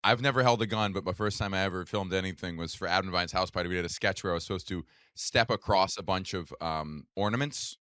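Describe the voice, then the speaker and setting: A man co-hosting a comedy podcast in casual chat, quick and wry with a joking manner. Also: low-pitched, sharp tone, no room sound, studio quality.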